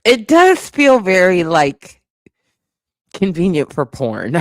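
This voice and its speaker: A woman's voice: fairly low pitch, wildly swooping pitch, takes it slowly, dry recording. A woman hosting a casual live stream, laughing often and sounding playfully exasperated.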